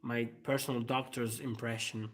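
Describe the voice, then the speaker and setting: A man's voice: medium pitch, flat delivery, moderate pace. Man chatting on a stream. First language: Italian. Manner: rambling, frequent fillers and laughter. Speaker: channel host. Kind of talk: casual live-stream chat.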